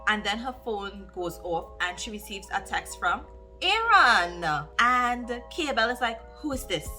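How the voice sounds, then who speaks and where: Woman book vlogger, bright slightly high voice, super chatty and exclaimy, recapping what she read. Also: a little slow, faint music behind. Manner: animated, exclaims questions, recaps the plot with quoted lines. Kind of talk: casual reading vlog commentary.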